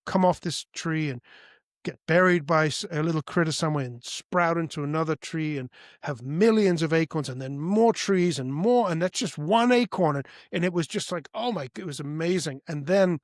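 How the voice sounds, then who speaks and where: A man's voice: normal speed, no room sound, studio quality. A man in his fifties, a podcast guest telling his life story in an emphatic way. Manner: emphatic, breaks into high loud voices when quoting.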